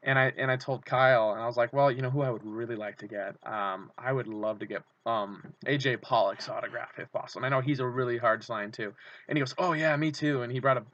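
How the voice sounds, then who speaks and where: A young man vlogging, rambling through an excited story and acting out his own shouts. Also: medium pitch, quick pace. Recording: dull lo-fi camera audio.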